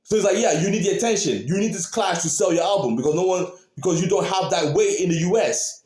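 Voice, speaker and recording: A man hosting a reaction video, talking casually and excitedly to his viewers and repeating his points. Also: sits high, fast. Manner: animated, repeats phrases, talks to viewers. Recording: roomy echo.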